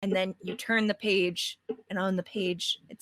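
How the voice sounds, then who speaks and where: A woman narrating as game master of a tabletop game, slow and halting with many fillers. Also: medium pitch, level tone, a bit bright, no room sound.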